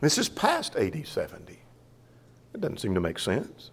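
Animated preacher in a reverberant church. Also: male voice, mid-range voice, moderate pace, creaky, breathy edge. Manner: animated, asks himself questions and answers them. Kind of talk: sermon.

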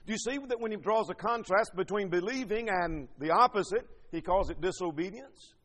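High-voiced preacher in an echoing hall. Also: male voice, moderate pace, fairly bright tone. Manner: emphatic, rhetorical questions and scripture quotes. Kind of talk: sermon.

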